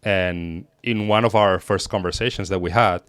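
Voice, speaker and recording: Spanish-born man, native Spanish, low resonant voice, dry sound, thoughtful interview guest. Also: normal speed, a bit bright, clear, resonant tone, dry recording. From Spain. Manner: thoughtful, restarts and repeats words while thinking. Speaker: guest, language teacher. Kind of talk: conversational interview.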